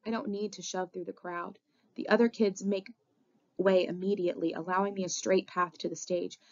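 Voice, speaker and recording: Woman reading a book aloud, low gravelly voice, dramatic, kinda muffled. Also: moderate pace. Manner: expressive, dramatic. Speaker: audiobook reader. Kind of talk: first-person novel narration. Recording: dull lo-fi audio.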